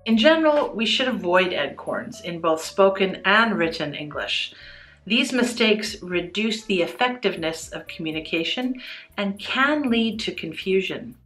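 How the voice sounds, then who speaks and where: Bright, slow-spoken woman teaching English. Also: medium pitch. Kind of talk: scripted educational explanation.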